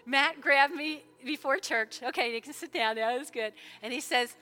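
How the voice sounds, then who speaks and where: Fervent bright-voiced woman pastor preaching. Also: high voice, moderate pace, few pauses, faint music behind. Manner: fervent, with sudden loud bursts and soft prayerful stretches. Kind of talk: sermon with altar call prayer. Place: church service.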